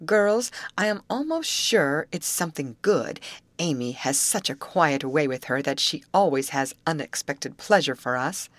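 A woman voicing a cheerful, warm-hearted teenage girl who talks in a bright, encouraging way. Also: low-pitched, very animated, unhurried, dry recording.

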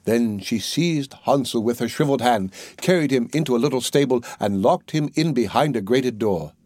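A man narrating a fairy tale in a measured, steady storytelling manner. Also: medium pitch, no room sound. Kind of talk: storybook reading.

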